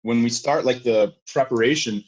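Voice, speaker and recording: Male guest, casual energetic talker, a bit husky, lo-fi sound. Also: mid-range voice, moderate pace. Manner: animated, filler-heavy, acts out quotes. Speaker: sales guest. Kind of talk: casual interview talk. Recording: dull lo-fi sound.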